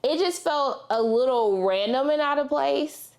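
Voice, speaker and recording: Lively woman going over a tv episode, lots of slang, talks right to her viewers, kinda high voice. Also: unhurried. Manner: animated, chatty, slangy, addresses viewers as y'all. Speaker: TV show reviewer. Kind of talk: casual review chat with personal story.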